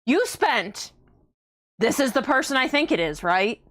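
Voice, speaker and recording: A woman's voice: high voice, unhurried. Woman streamer chatting w/ chat, playful scolding, voice jumps all over. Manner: animated, playful mock-scolding. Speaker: stream co-host. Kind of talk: casual livestream chat.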